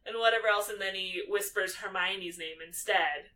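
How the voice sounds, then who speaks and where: Bright-voiced woman recapping a film casually. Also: mid-range voice, moderate pace. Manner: breezy, swears, acts out characters. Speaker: podcast co-host. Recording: distant mic, faint background noise.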